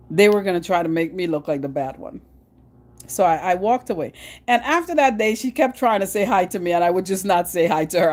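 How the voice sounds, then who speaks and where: A middle-aged woman from Guyana with a Guyanese accent, chatting to her vlog audience in an animated, storytelling way with frequent restarts. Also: lowish voice. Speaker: vlogger. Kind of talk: casual monologue.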